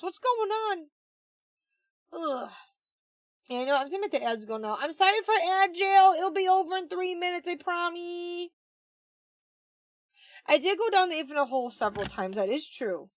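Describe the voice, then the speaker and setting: A woman's voice: very high-pitched, lively intonation, moderate pace, pauses often, dry recording. A woman streamer chatting casually with her viewers while playing, chatty and easily amused. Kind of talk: casual game livestream chat.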